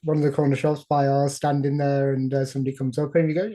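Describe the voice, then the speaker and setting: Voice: mid-range voice, flat delivery, quick pace, dark tone. A speaker in a casual chat, trading wry quips and laughing.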